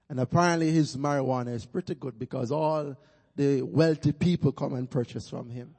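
In a medium-pitched, slightly mellow voice, a Jamaican man delivers a sermon as a visiting pastor, stirring up the church with calls to praise. The sound echoes with long hall reverb.

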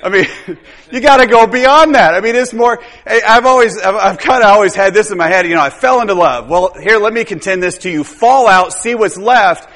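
A man's voice: high voice, normal speed, a bit bright. A man preaching a sermon in a conversational, rambling way, tossing in tag questions and chuckles. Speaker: pastor. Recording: long hall reverb.

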